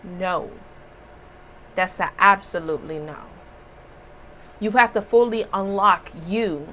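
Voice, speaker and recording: Spiritual reader, woman, slightly hoarse; slow, emphatic, preachy delivery with a bright edge. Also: mid-range voice, slight background noise, low-quality recording. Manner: emphatic and preachy, with rhetorical asides. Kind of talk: casual spiritual reading.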